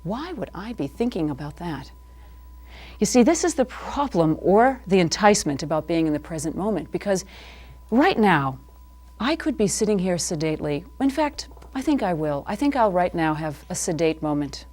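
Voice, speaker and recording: A woman's voice: on the low side, very animated, normal speed, a little mellow. A woman host performing a playful, rambling improvised comedy monologue in a TV studio. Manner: rambling, playful, free-associating. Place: public-access TV studio. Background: music.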